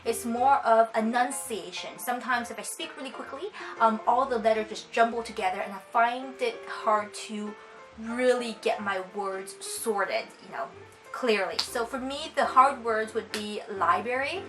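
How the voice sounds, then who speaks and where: A woman's voice: on the high side, normal speed, music in the background, low-quality recording. A young woman from China with a Canadian accent and Cantonese as her first language, chatting casually as a vlogger and reading words out one at a time. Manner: chatty, reads a word list one word at a time. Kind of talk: casual chat.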